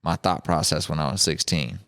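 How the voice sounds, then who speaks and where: Deep-voiced joking podcast host man. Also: normal speed, bright, forceful tone, smooth. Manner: joking, profane, rambling. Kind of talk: casual podcast chat.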